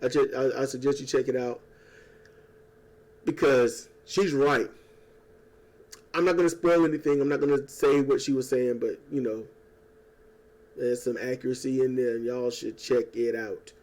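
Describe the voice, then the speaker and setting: A man talking at home in a casual political rant. He rambles, swears and turns sarcastic, tossing in quick mocking impressions. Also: mid-range voice, steady tone, darkish tone. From United States. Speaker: YouTuber. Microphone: old desk microphone.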